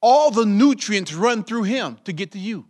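High, animated preaching man. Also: normal speed. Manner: lively preaching, addresses congregation as saints, call-and-response questions. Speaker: pastor. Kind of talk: sermon.

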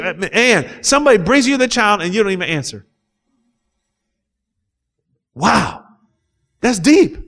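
A man's voice: sits high, fairly bright tone. A man preaching a sermon, reading scripture aloud and explaining it with rising fervor. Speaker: pastor.

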